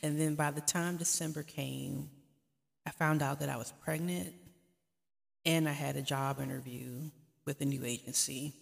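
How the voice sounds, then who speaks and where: A woman with a deep, steady voice and some vocal fry hosts a vlog, speaking at a normal pace. Her casual, heartfelt talk to camera is earnest and pleading, full of faith-driven encouragement. The recording has long reverb, as if made in an echoey room.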